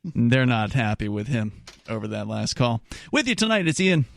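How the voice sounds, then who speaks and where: A man's voice: medium pitch, big pitch swings, normal speed, creaky, no room sound. A male radio talk show host reading news stories aloud and chatting with his co-host, with casual asides and restarts. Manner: conversational with frequent restarts and asides.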